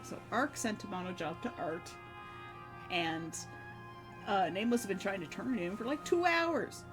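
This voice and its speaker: A woman's voice: fairly low pitch, normal speed, music in the background. A woman streamer chatting casually, rambling with fillers and frequent laughs. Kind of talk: casual chat.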